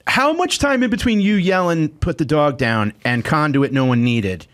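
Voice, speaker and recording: A man's voice: a little high, animated, normal speed, a bit bright. Self-deprecating male comedian guest. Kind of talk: comedic storytelling chat.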